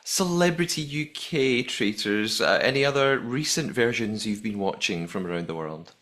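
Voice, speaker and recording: A man's voice: mid-range voice, normal speed. A man hosting a podcast, reading an upbeat intro and chatting with his guest. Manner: lively, upbeat scripted intro. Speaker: podcast host. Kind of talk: podcast chat.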